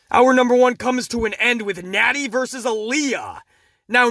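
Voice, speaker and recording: A man rants through a wrestling recap, swearing and laughing as he goes. His voice has a bright, forward edge. The sound is dry and close. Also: sits high, dry recording. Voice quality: animated, swearing, laughs at his own jokes. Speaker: wrestling show reviewer. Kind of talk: casual profane commentary.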